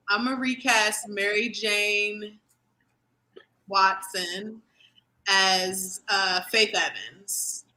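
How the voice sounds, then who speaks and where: Sassy woman with a very bright voice. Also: medium pitch, low-quality recording. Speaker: podcast panelist. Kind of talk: casual group chat.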